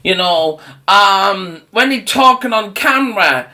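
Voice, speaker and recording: A man's voice: high-pitched, expressive, takes it slowly, sharp tone. A man ranting casually about horror movies, swearing often and laughing between his points, sometimes mocking people in put-on voices. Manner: mocks others with put-on voices. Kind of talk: profane casual rant.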